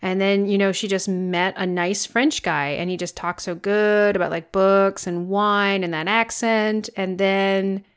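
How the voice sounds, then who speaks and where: A woman co-hosting a podcast, recapping a film in casual chat with sarcastic, animated storytelling and plenty of swearing. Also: mid-range voice, measured pace, hardly any pauses, clean tone. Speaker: podcast co-host.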